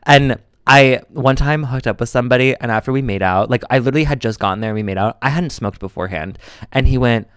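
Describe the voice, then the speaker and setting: A young man talks quickly and animatedly, slipping into different voices as he acts out a personal story. His voice is smooth and clear, and it is recorded close and dry with no room sound. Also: mid-range voice, no echo. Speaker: podcast co-host. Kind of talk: casual storytelling chat.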